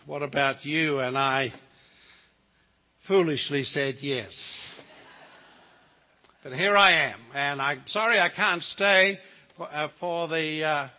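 Older New Zealand preacher in a church. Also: male voice, a little high, slow pace, long pauses. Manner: folksy storytelling with asides and humor. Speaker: guest preacher. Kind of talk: sermon. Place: church sanctuary. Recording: lo-fi sound in a reverberant church.

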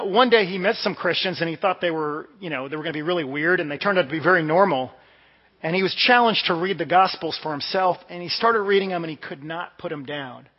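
Pastor guy from the dc area preaching, chatty storyteller, voice sits high, muffled sound. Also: breathy edge. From Washington DC area, US. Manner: conversational, storytelling with asides. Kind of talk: sermon. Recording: dull sound with long hall reverb.

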